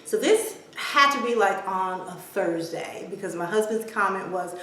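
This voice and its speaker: A woman's voice: fairly low pitch, normal speed, fairly bright tone. A woman in her forties telling a family story to her vlog audience in a chatty way, with filler words. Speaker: vlogger. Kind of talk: casual storytelling to camera. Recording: very echoey room, distant mic.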